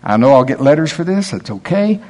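An older man preaching a sermon, folksy storytelling, dropping to low asides and rising to loud, emphatic preaching. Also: very animated, brisk. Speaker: pastor.

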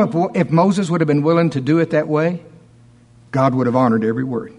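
A man preaching a sermon, teaching scripture in a conversational way and reading verses slowly and deliberately. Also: fairly high pitch.

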